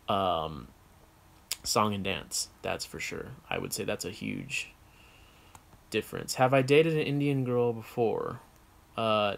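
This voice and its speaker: A man's voice: on the low side, creaky, a bit bright. Rambling American man answering viewer questions. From United States. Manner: rambling, frank, with many fillers and self-corrections. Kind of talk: casual chat.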